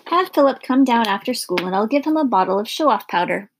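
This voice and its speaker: A woman voicing a calm, reassuring older woman who speaks matter-of-factly. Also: a little high, a little fast, slight background noise, natural voice. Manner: matter-of-fact.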